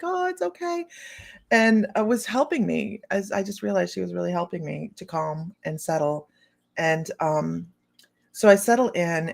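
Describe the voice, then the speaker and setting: Gravelly-voiced woman rambling on a livestream. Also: mid-range voice. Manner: rambling storyteller, many restarts and asides to viewers. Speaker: psychic medium hosting a morning livestream. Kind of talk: casual chat.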